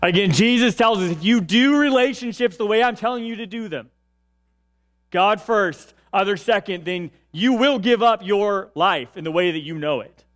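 Preaching in a chatty, conversational manner, this pastor keeps checking in with the people in the pews. He speaks at a moderate pace in a high-sitting voice with a fairly bright quality.

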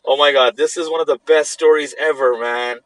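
A man's voice: fairly high pitch, steady tone, fairly quick, a bit bright, no echo, low-quality recording. A young man co-hosting a podcast, chatting in a laid-back, joking way. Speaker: podcast co-host. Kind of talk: casual chat.

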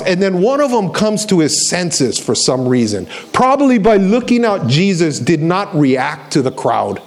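High-voiced male pastor preaching. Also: big pitch swings, measured pace, few pauses. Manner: storytelling, acting out the voices of people in the story; repeats key phrases for emphasis. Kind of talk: sermon.

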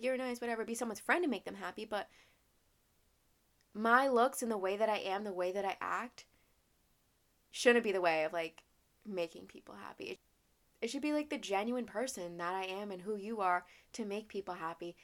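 A young woman rants on her own podcast, swearing freely and hitting her points hard. Her voice sits a little high for a woman. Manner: profane, emphatic ranting. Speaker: podcast host. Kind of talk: solo podcast rant.

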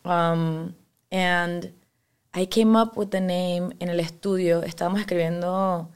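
A woman's voice: lowish voice, fairly even intonation, unhurried, smooth. A young Venezuelan woman, a singer-songwriter, chatting frankly as a guest and slipping between English and Spanish. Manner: frank, switches between English and Spanish mid-sentence, swears freely. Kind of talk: casual interview chat.

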